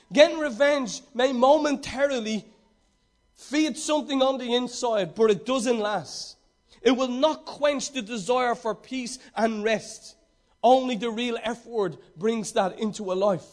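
A man preaches a sermon in a strikingly high voice for a man. He stresses his points and circles back to repeat them. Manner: emphatic, repeating key phrases.

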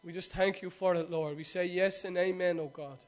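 A male pastor preaching and praying fervently, repeating phrases and swinging from hushed prayer to loud exhortation. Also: high-pitched, fairly even intonation, a little fast. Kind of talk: sermon with prayer.

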